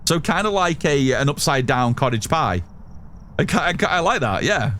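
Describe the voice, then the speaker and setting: A man's voice: a little high, very animated, moderate pace, fairly bright tone, a little hiss or hum. A British man chatting casually with viewers while playing a game on a live stream. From United Kingdom. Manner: chatty, reads out and answers chat while playing. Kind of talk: casual live gameplay commentary.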